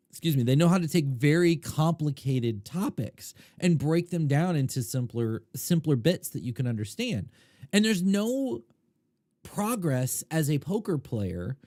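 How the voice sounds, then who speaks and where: A middle-aged man hosting a podcast, telling stories in a casual, animated way, swinging between loud and quiet. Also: on the high side, no room sound, clean studio sound. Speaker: podcast host, poker coach. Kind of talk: casual storytelling monologue.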